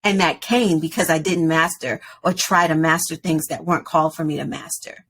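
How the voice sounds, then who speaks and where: A woman in her forties, a podcast guest, telling a personal story in an animated way. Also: sits low, a little fast, slightly rough. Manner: animated storyteller, acts out quoted voices.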